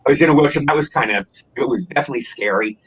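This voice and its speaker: An older man, an actor, telling a long personal story in a casual interview, rambling and animated, often breaking off and restarting. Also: mid-range voice, rapid-fire, husky, poor audio.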